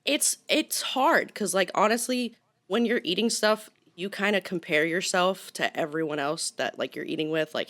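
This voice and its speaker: A woman co-hosting a podcast, reading posts aloud and chatting casually, animated, laughing often and swearing freely. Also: fairly low pitch, moderate pace, dry recording. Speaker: podcast co-host.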